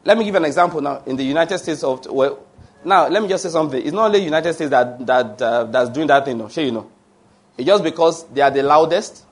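A male preacher with a somewhat high-pitched voice. He preaches in an emphatic, digressive way, throwing questions to the congregation and answering them himself. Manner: digressive, with restarts and fillers. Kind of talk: sermon.

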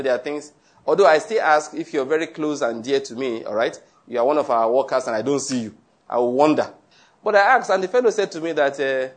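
A man preaching a Bible-study sermon, reading scripture aloud and earnestly repeating his points for emphasis. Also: medium pitch. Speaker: pastor teaching a Bible study.

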